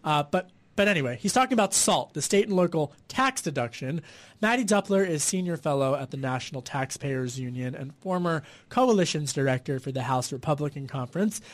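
A Philadelphia-accented man hosts a political radio show in a fairly high voice. He talks with energy and tosses in quick jokey asides between questions. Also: animated. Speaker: radio host.

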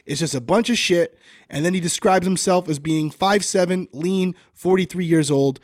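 A man's voice: high voice, moderate pace, dry recording, studio quality. A man co-hosting a casual podcast, reading things aloud and commenting bluntly with plenty of swearing. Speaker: podcast co-host.

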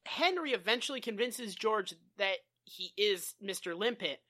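A woman's voice: medium pitch, moderate pace. A woman co-hosting a podcast, recapping a movie in casual, profane chat and acting out the characters' lines. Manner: animated, acts out characters in quotes, profane. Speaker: podcast co-host.

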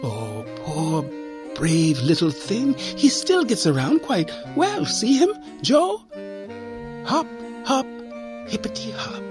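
A man voicing a gentle, chatty young nun who speaks in a bright, coaxing way in a storybook reading. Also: high voice, wildly swooping pitch, slow pace, music in the background, pitched above the performer's own voice, full character voice.

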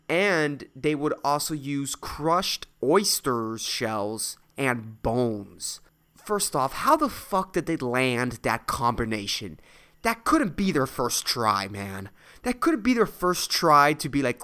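A man's voice: medium pitch, very animated, slow, pushed and bright. A man in his twenties hosting a podcast, ranting in a profane, exasperated way with lots of fillers. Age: 20s. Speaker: podcast host. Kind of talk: solo comedic rant.

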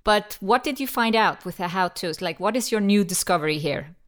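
A woman hosts a podcast and sets up questions for her guest in an easy conversational way. Her voice is mid-pitched for a woman. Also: animated, fairly quick, a bit bright. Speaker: podcast host. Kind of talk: interview questions.

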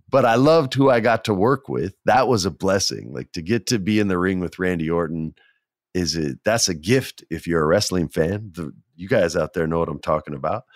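Deep-voiced man telling an animated story. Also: dry recording, clean studio sound. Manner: animated, acts out quotes, laughs often. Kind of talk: casual anecdote.

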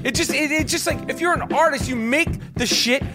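A high-pitched man hosting a podcast in loud, excitable banter. He swears freely and trips over repeated words as he rants. Music plays under his voice. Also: normal speed. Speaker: podcast host.

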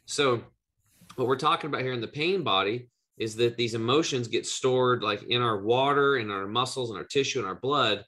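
A man's voice: medium pitch, moderate pace, pushed and bright. A man from Eastern Oregon hosting a podcast, telling a personal story in loose, rambling casual chat with some swearing. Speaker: podcast host.

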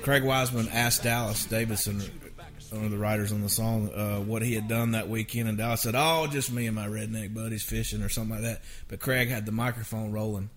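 A man's voice: fairly low pitch, level tone, brisk. A man, a songwriter guest, telling stories in a rambling, self-interrupting way with frequent chuckles. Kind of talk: casual storytelling interview.

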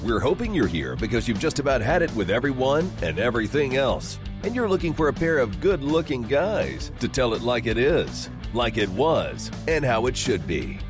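A man's voice: medium pitch, very animated, moderate pace, hardly any pauses. A man announcing a sports radio show in a scripted intro with a punchy, tongue-in-cheek delivery. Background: guitar music.

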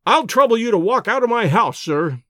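A man's voice: high voice, very animated, moderate pace, no echo, clean studio sound, voice pushed up. A man voicing a stern, proud middle-aged male doctor who answers curtly and indignantly in an audiobook. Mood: furious. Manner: curt, indignant, clipped replies.

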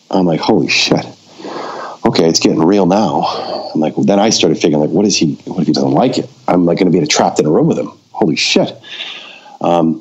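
A man's voice: sits low, husky, lo-fi sound. A man, a documentary filmmaker on a podcast, tells a story casually and acts out the people he quotes. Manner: animated, acts out quoted dialogue.

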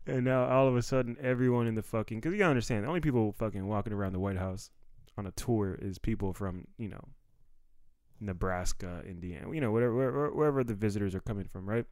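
A man's voice: fairly low pitch, quick pace, darkish tone, clear, resonant tone, dry recording. A young adult man from the Washington, D.C. area, a comedian telling a story in a casual monologue, laid-back and profane. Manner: laid-back, profane, acts out quoted dialogue.

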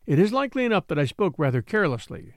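A man narrating a classic novel in the first person, measured and earnest. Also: high voice, sing-song, no echo, studio quality. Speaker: audiobook narrator.

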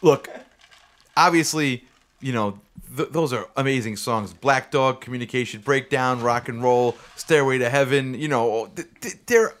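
A man's voice: medium pitch, moderate pace, fairly bright tone. A man co-hosting a podcast, chatting casually with friends and often restarting his sentences. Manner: hesitant, stammering restarts. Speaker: podcast co-host. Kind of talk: casual chat.

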